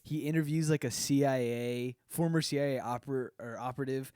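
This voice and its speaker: A man's voice: medium pitch, steady tone, fairly quick, mellow, smooth, no echo, clean studio sound. A man hosting a casual podcast chat, laughing often and rambling with lots of fillers. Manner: giggly, rambling with many fillers. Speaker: podcast host.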